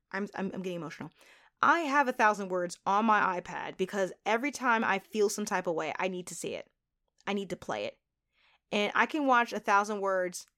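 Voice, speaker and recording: Woman podcaster gushing about stuff, gets all emotional, voice a bit high. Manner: gushing, emotional, expressive with big pitch swings. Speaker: podcast host. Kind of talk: solo podcast monologue.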